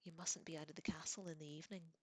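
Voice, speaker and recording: A woman reading in a whispered role-play, voicing a grieving giant groundskeeper with a halting, choked, way of speaking. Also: sits low, steady tone, a bit bright, dry recording. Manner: halting, choked, tearful speech.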